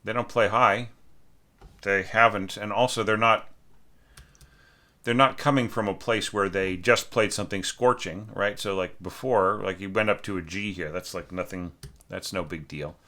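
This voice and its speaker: A man with a low voice that still sounds forceful and bright, giving a casual critique of a student's orchestral score. He thinks aloud with plenty of fillers and sings rhythm patterns as nonsense syllables to make his point. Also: steady tone, moderate pace.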